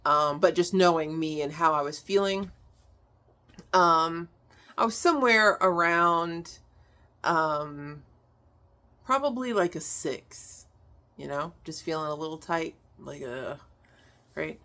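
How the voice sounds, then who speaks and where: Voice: mid-range voice, expressive, slow, long pauses, pushed and bright. A tapping instructor explaining a technique in a casual, chatty way, with plenty of "um", "like" and "right?" and some blunt, casual swearing.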